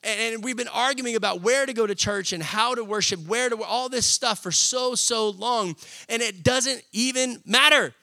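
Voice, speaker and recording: A young man preaching a sermon, energetic and conversational, often calling out to the congregation. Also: high-pitched, no echo. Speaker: pastor.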